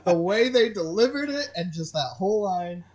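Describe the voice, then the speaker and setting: A man's voice: high-pitched, lively intonation, moderate pace. A man co-hosting a casual movie review chat, loose and jokey, laughing easily. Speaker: podcast co-host.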